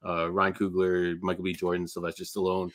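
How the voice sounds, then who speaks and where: A man co-hosting a casual live podcast, talking in a relaxed, joking, rambling way. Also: sits low, fairly quick. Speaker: podcast co-host. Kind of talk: casual chat.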